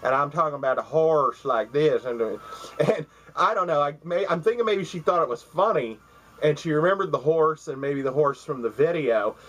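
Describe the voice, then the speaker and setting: A man's voice: on the high side, moderate pace, fairly bright tone, low-quality recording. A man recording a casual home video, rambling through stories about gifts with many fillers and restarts. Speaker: vlogger showing gifts. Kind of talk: casual chat. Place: at home by his computer.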